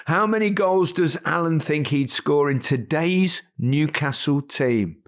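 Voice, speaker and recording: Older male host with a Leicester accent, relaxed and teasing, laughs a lot. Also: a little high, unhurried. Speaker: podcast host. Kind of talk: casual chat.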